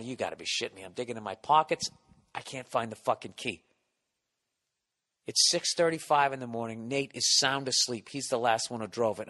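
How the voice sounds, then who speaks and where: A man's voice: mid-range voice, a bit bright, long reverb tail. A middle-aged man hosting a podcast, telling a comic story in a profane, exasperated rant. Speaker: podcast host.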